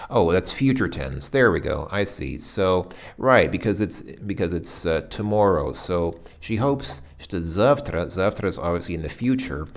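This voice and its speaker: Low creaky man thinking aloud. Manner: hesitant, searching, self-correcting; sounds out foreign words haltingly. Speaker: language lesson host. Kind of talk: thinking aloud through a workbook exercise.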